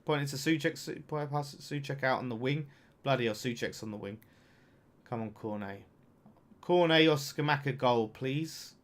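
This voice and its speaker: A man's voice: medium pitch, normal speed. A young man hosting a live football watchalong, reacting to the game, swearing and reading out viewer messages. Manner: chatty, swears, reacts loudly to the game and reads super chats. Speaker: fan channel watchalong host. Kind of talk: live match watchalong commentary.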